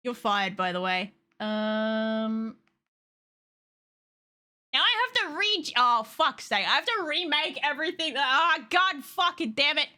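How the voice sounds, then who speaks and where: A woman's voice: sits high, expressive, slow pace, sharp tone, soft background music. A woman casually commenting on her gameplay, swearing often with playful exasperation. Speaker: game streamer.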